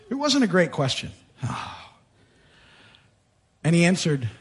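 A man's voice: high voice, sing-song, moderate pace, pauses often. A male pastor preaching a sermon, telling the story with animation, acting out voices and often restarting his sentences. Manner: frequent fillers and repeated starts.

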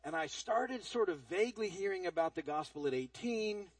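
A male pastor preaches in an earnest, conversational way, often restarting his phrases. His voice sits very high and sounds husky, with lively swings in pitch. The sound is dry and picked up from some distance. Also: moderate pace, no echo. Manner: earnest, repeats words when starting phrases. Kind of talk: sermon.

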